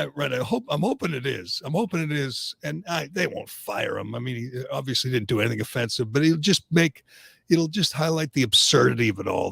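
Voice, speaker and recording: A man's voice: medium pitch, creaky, a bit bright, husky, no echo, studio quality. A male radio talk show host, opinionated and rambling, full of restarts and fillers.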